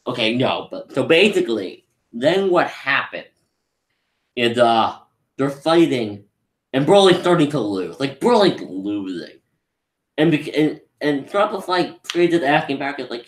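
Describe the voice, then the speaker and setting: An excitable man gives a casual live review of an anime film, and he keeps restarting his sentences. His voice sits at a middle pitch, and it rings in an echoey room. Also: moderate pace. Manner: rambling, excitable, lots of restarts.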